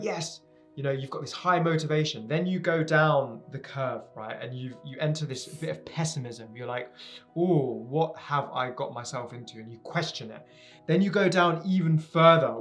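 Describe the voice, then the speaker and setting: A young man talks directly to his viewers in an earnest, emphatic way, repeating key phrases to drive them home. His voice sits at an ordinary middle pitch. Faint guitar music plays quietly behind him. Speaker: entrepreneur giving advice to viewers. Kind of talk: direct-to-camera motivational talk.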